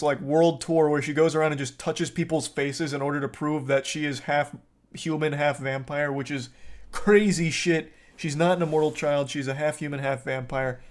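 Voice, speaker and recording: A young man streaming, recapping a film in a sarcastic, profane, rambling way. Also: a little high. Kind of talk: casual chat.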